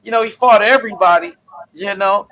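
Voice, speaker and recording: A man's voice: high voice, fairly quick, sharp tone. A man hosting a casual boxing chat, enthusiastic and leaning on "you know". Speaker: boxing channel host.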